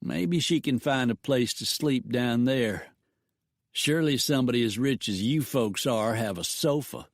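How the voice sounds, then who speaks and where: A man voicing a menacing outlaw leader who makes slow, drawling threats. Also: medium pitch, no room sound, studio quality, natural voice.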